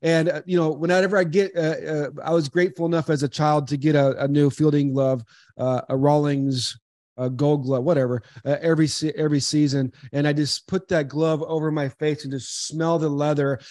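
A man in his forties from Southern California tells stories on a podcast, earnest and animated, often restarting his sentences. His voice sits on the higher side. The sound is dry and close. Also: moderate pace, no room sound. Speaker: podcast guest. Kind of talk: casual interview storytelling.

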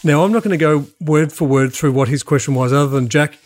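A man's voice: a little high, quick pace. A man co-hosting a sports podcast in casual chat, self-deprecating and tripping over his words. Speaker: podcast co-host.

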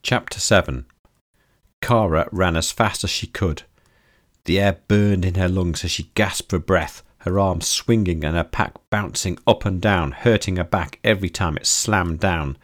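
A man narrating his own audiobook, reading in a steady, measured storytelling manner. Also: low-pitched.

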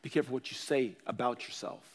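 A man, a pastor, preaching a sermon in a casual, conversational way, swinging between loud bursts and quiet asides. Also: mid-range voice, fast talker, long reverb tail.

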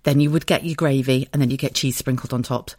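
A woman's voice: very deep voice, steady tone, fast talker, darkish tone, dry recording, studio quality. A woman in her thirties from southern England, hosting her podcast in a chatty, giggly, storytelling way. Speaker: podcast host. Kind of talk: casual chat.

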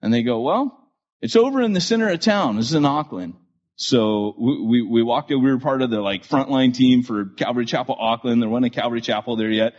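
A male podcast host telling a story in an animated way, with many fillers and restarts. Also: medium pitch, a little fast, highs cut off.

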